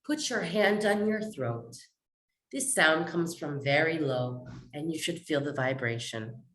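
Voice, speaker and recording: A woman teaches pronunciation. She explains clearly and stretches out example sounds for learners to copy. Her pitch sits a little low for a woman. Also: expressive, slight background noise, rough recording. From New York, USA. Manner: clear, instructive, models sounds slowly. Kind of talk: recorded pronunciation lesson.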